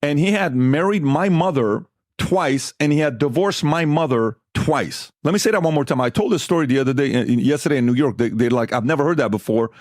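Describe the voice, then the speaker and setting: A middle-aged man hosting a podcast, telling stories in an animated, emphatic way, repeating himself and acting out dialogue. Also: mid-range voice, a little fast, no room sound, clean studio sound. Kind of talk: animated storytelling chat.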